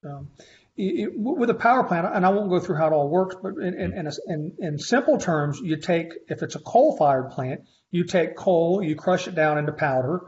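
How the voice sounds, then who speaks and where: A man in his fifties, a faculty instructor telling stories in a conversational interview, with animated delivery and frequent restarts. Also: fairly high pitch, moderate pace. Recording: slightly muffled lo-fi recording.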